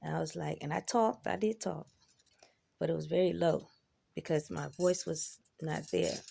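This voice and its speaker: A woman's voice: sits low, moderate pace, creaky, dark tone, slight background noise. A woman telling personal stories in a laid-back, rambling way, swearing freely and adding asides. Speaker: vlogger. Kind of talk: casual storytelling.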